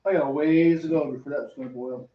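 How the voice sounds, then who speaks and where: A man's voice: on the high side, steady tone, fast. An easygoing man with a slightly raised voice, chatting and laughing along while he brews. His voice echoes around a garage, with dull sound and faint noise underneath. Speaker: homebrewer co-host. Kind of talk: casual brewing chat.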